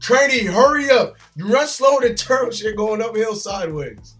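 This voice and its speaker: A man voicing an impatient male army drill sergeant who barks insults at a trainee in loud, clipped lines. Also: high-pitched, unhurried, far from the mic, soft background music. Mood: barking.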